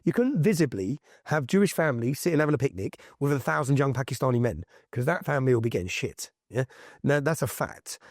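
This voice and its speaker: A man's voice: medium pitch, lively intonation, quick pace, dry recording, studio quality. A man, an interview guest telling personal stories in an emphatic, slangy way, often tagging on "yeah?". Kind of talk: animated personal storytelling in conversation.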